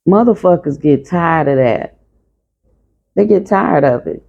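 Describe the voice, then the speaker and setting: A woman giving a tarot reading to camera in a calm, monotone channeling voice. She speaks bluntly and casually, with some swearing. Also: deep voice, measured pace, gravelly. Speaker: tarot reader. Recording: tinny phone-like sound.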